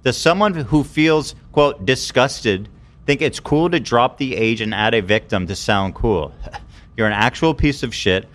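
A man's voice: medium pitch, a little slow, fairly bright tone. A man co-hosting a casual podcast chat, reading posts aloud, laughing and swearing often. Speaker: podcast co-host.

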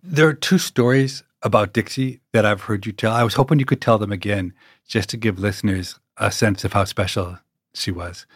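A man hosting an interview, asking calm, measured questions. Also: lowish voice, slightly rough, no room sound, clean studio sound. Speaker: interviewer, host. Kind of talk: interview and reflective commentary.

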